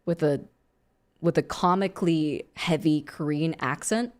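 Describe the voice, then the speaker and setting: A young woman streamer chatting casually and playfully. She mocks herself, breaks into loud laughter, and sometimes drops to a low, calm natural voice. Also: measured pace. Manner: playful, self-mocking, bursts of loud laughter. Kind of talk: casual live-stream chat.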